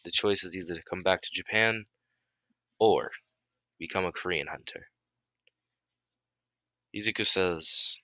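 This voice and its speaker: A man narrating an improvised fan story in a deep, low voice with a bright, forceful edge. He halts and restarts often as he makes it up. The recording is dry and close, with no room sound. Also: no room sound. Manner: halting, many restarts, making it up as he goes.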